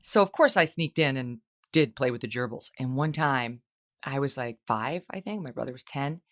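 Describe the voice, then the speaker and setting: Middle-aged lady host, low voice, animated storyteller doing little voices for people. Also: moderate pace. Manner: lively storyteller, acts out quoted voices. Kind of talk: casual chat.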